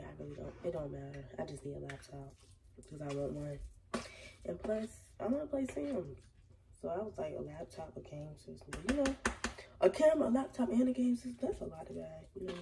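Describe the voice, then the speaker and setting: A woman's voice: deep voice, gravelly, distant mic, noisy background. Sniffly young woman vlogging from her kitchen. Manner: chatty, talks straight to viewers, curses freely. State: has a cold, sniffling. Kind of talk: casual chat to camera. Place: home kitchen.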